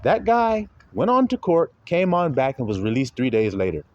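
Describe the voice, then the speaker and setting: A man preaching an informal sermon to his followers, talking in slang and laughing often as he swings between soft and loud. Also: medium pitch, huge pitch swings, normal speed, muffled recording.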